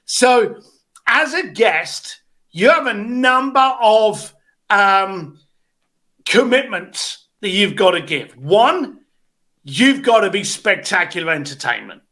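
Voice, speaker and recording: Guy coaching on a video call, blunt, high bright voice, acts out what people say. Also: slow pace. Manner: blunt, animated, acts out quotes. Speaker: business coach.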